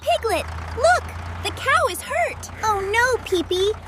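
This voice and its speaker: A woman's voice: extremely high pitch, big pitch swings, slow pace, noisy background, full character voice. A woman voicing a cheerful, kind little boy monkey in a children's cartoon, in a sing-song, sweet way. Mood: eager.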